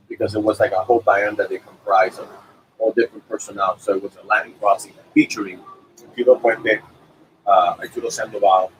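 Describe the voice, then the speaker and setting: A man's voice: lowish voice, slight background noise, low-quality recording. A middle-aged man, a musician, telling stories in a casual interview at a cafe and acting out the quotes of the people in them. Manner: animated anecdotes with acted-out quotes. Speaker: musician guest.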